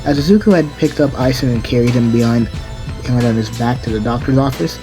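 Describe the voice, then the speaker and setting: A man's voice: mid-range voice, fast talker, over music. A man narrating a fan-made story in a casual, rambling way, often correcting himself mid-sentence. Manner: rambling, with restarts and self-corrections.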